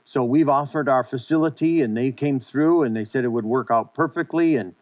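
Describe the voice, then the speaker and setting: A man's voice: mid-range voice, a little fast, darkish tone, dull audio. A male pastor preaching and praying a sermon in an earnest way, with many restarts and repeated words.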